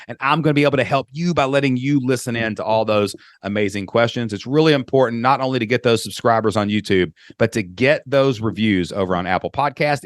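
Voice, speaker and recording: A man's voice: mid-range voice, no echo. Kentucky guy hosting a podcast, hyped and folksy, dry close mic. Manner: enthusiastic, folksy and joking. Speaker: podcast host. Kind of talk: energetic podcast call-in chat.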